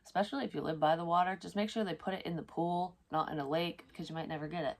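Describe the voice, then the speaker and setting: A woman's voice: fairly low pitch, fairly even intonation, fast talker, gravelly. A woman giving a casual, profane tarot reading to the viewer while doing her makeup, rambling as she goes. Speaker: psychic tarot reader.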